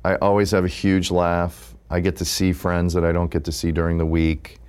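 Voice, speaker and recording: A man's voice: low-pitched, normal speed, clean tone. A man in his fifties, an improv comedian, talking casually in an interview with lots of "like" fillers. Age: 50s. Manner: relaxed, rambling with many "like" fillers.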